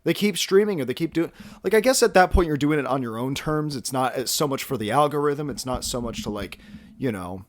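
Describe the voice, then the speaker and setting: Talking a little fast and animatedly in a mid-range voice, a twenty-something man rambles through a home vlog. Self-mocking jokes, lots of fillers, and restarts fill the casual talk, and he's slightly out of breath. Studio-quality, dry recording.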